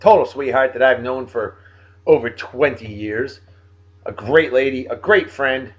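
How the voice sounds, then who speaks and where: A man hosting a daily video show, reading out shout-outs to viewers in a jovial, folksy way with lively swings in his voice. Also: a little slow, lo-fi sound. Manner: jovial, folksy, animated, big pitch swings. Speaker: host of a daily beer and song video show. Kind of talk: casual shout-outs monologue.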